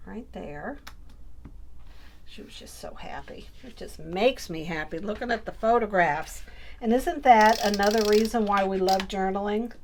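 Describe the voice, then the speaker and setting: A woman's voice: medium pitch, slight background noise. A middle-aged woman from Maine chatting casually as she makes a scrapbook page, often muttering to herself while she works. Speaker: crafting YouTuber. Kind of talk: casual crafting chat to camera.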